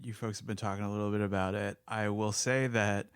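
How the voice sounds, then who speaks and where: A man guesting on a podcast, talking in a hesitant, halting way with many restarts. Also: on the low side, steady tone, clear, resonant tone, no room sound, studio quality. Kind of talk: casual podcast chat.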